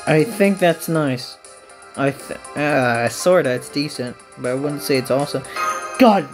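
Slow-talking woman with music behind. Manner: melodramatic, self-pitying, with sudden shrill outbursts. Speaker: gaming channel host. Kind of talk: casual commentary on game summons.

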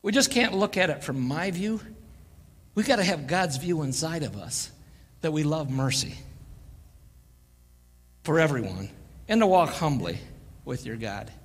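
A man's voice: fairly high pitch, lively intonation, measured pace, long pauses, husky. An older man giving a folksy, joking sermon as a guest preacher, acting out quoted voices. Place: church sanctuary. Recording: church live stream with long reverb.

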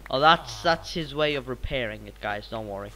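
A teenage boy, a little sick, commenting on his own gameplay with a bright, crisp tone at an ordinary pitch. He rambles and jumps into excited repeated exclamations. Faint hiss and clicks sit under the voice. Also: moderate pace, low-quality recording. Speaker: gaming channel host.

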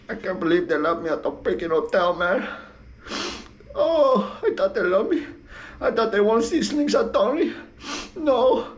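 A man voicing an abandoned male slingshot toy that sobs and whines in a high, sing-song voice about being left behind. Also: reverberant, natural voice.

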